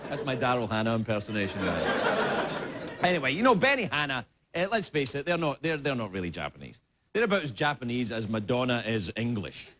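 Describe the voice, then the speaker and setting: Animated Scottish man doing a comedy monologue. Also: medium pitch, brisk, a loud crowd. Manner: rambling, animated, stammering restarts. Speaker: late-night talk show host. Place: TV studio. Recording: loud background noise.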